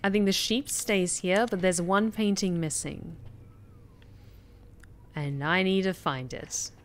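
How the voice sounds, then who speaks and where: A woman's voice: lowish voice, slow pace. A woman streamer casually commenting while she plays a horror game, musing and theorizing aloud. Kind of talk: casual let's-play commentary.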